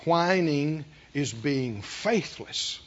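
An older male preacher drawls his sermon slowly, chuckling often, his voice high and swooping widely. The recording is dull and lo-fi with a faint hiss. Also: lively intonation.

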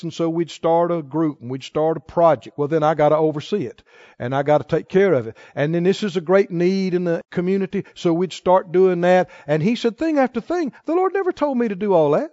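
A man preaching a sermon, telling folksy stories and delivering points with emphasis, quoting the Lord in a lower, sterner tone. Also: dark tone, no echo, lo-fi sound. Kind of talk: sermon with storytelling.

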